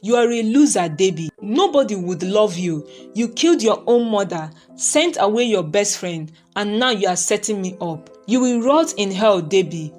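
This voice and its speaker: A woman's voice: medium pitch, expressive, normal speed, few pauses, a little mellow, soft background music, close to an everyday voice. Woman voicing a defiant wronged young woman. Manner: accusing, defiant. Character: wronged young woman pleading her innocence.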